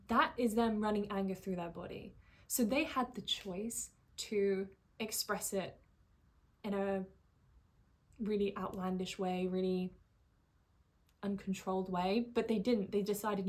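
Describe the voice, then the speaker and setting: Calm, reflective woman coach. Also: mid-range voice, slow, long pauses. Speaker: life coach.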